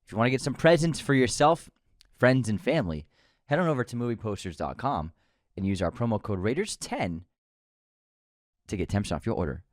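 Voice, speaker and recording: A man co-hosting a podcast in easygoing casual chat, quick to exclaim when surprised. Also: mid-range voice, lively intonation, no echo, clean studio sound. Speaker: podcast co-host.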